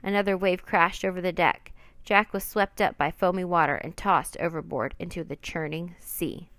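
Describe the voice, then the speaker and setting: A woman reading a children's adventure book aloud with expressive, dramatic narration. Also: on the low side, moderate pace, dry recording. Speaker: storyteller.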